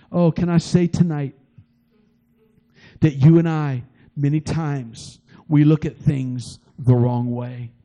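A man's voice: on the high side, steady tone, takes it slowly, long pauses, dark tone, low-quality recording. A middle-aged man preaching a sermon, retelling a story with emotional, rising and falling delivery and frequent repetitions.

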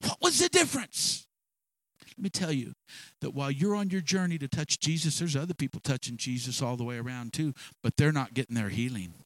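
A man preaching a sermon, impassioned and repetitive, building up to shouts. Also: mid-range voice, animated, a little fast, dry recording, poor audio.

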